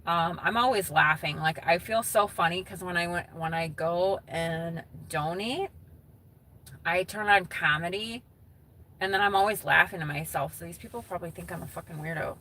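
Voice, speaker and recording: A woman's voice: fairly low pitch, moderate pace, pushed and bright. A woman chatting casually with viewers on a live stream, reading their comments aloud and laughing often.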